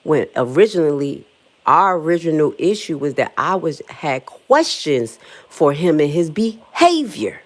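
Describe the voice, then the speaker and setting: A young woman, hosting a livestream and ranting bluntly with profanity, her voice jumping high when she gets emphatic. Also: unhurried. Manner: animated, jumps to high excited pitch when emphatic; blunt, profane street talk. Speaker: livestream host. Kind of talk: casual livestream rant.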